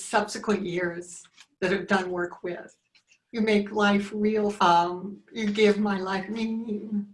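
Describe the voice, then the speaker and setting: A woman in her sixties sharing heartfelt memories over a video call, earnest and halting, often emotional. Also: mid-range voice. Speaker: reunion guest. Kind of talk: heartfelt reminiscence.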